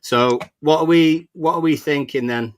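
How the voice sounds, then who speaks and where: A man's voice: a little high, normal speed. A man hosting a casual fan podcast, chatting and rambling with plenty of fillers. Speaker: podcast host. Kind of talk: casual chat. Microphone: clip-on microphone.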